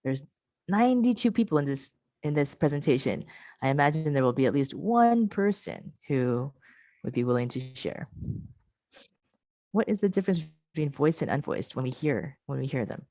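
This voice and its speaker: Woman, workshop presenter, deep voice, dry close sound, patient, repeats examples, encouraging, video call. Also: expressive, dark tone, no room sound, low-quality recording. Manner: patient, models words slowly and repeats them; encouraging toward participants. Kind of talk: online teaching workshop.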